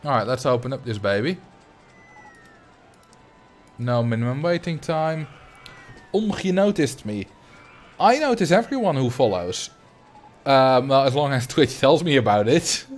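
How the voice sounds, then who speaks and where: A man with a Dutch accent chatting casually while he livestreams a game, rambling and thinking out loud at a desk mic. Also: medium pitch, animated, unhurried, pauses often, soft background music. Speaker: streamer.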